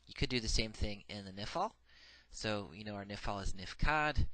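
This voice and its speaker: A man teaching a recorded grammar lesson, reciting verb paradigms slowly and methodically with frequent filler sounds. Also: on the low side, expressive, bright, forceful tone, dry recording, poor audio. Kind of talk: recorded lecture.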